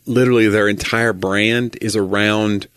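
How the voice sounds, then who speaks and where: Laid-back Southern American man, low voice. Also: fairly even intonation, fairly bright tone, clear, resonant tone, no room sound. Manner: storytelling, laughs often, does quick voices for quotes. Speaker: podcast co-host. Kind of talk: casual chat.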